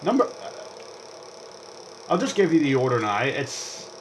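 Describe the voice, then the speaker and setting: Young guy rambling over his gameplay, chatty and excitable, voice bouncing up and down a lot. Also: mid-range voice, a little slow, background noise. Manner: chatty, rambling, jumps between topics; excitable, reacts aloud to the game. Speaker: gaming vlogger.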